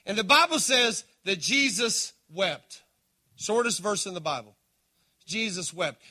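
A man preaching a sermon as pastor, swinging between loud emphasis and hushed appeals and calling out to his listeners. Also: sits high. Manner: calls out to the congregation.

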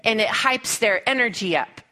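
A middle-aged woman telling a lively, laughing story in a church sermon, acting out her own panic. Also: on the high side. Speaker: speaker at a cowboy church. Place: church service.

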